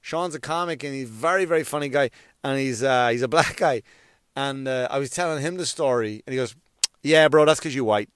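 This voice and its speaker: A male stand-up comic rambles through a casual monologue, peppered with profanity and restarts. His voice is smooth and even in pitch, recorded dry and close with no room sound. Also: a little fast, no room sound. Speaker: stand-up comedian.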